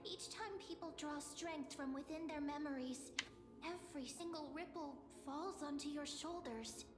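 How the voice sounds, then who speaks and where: A cheerful, sweet young girl guide speaks in a bright, high voice, as a woman plays her. She is gentle and earnest. The sound is roomy game audio over loud music. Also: normal speed, lightly acted. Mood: tender. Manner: gentle, earnest, softly encouraging.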